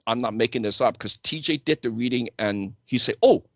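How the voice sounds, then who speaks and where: A man's voice: mid-range voice, fairly quick, gravelly, no room sound. A man hosting a casual talk show, telling stories animatedly and acting out the exchanges he quotes. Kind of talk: casual chat. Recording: dull lo-fi dry sound.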